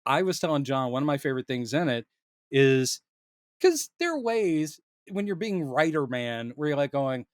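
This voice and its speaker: A man co-hosting a casual film discussion podcast, animated and quick to act out lines he quotes, laughing often. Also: on the high side, dry recording, studio quality. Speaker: podcast co-host.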